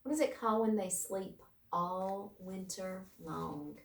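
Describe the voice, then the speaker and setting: Woman teacher, slow patient read-aloud with questions for the class, roomy room, set back from the mic. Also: medium pitch, far from the mic. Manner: clear, asks the class questions. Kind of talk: reading a picture book to a class.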